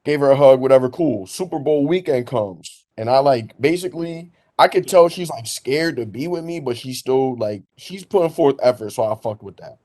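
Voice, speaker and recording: A man, a podcast host telling a long story in casual, slangy, animated chat. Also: mid-range voice, normal speed, hardly any pauses. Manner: animated, slangy, laughs through his story.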